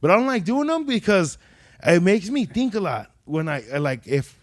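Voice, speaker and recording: Casual podcast host, man, slangy and profane, somewhat high voice, dry room. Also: sing-song, moderate pace, no echo. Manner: slangy, profane storytelling, acts out quotes. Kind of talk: casual chat.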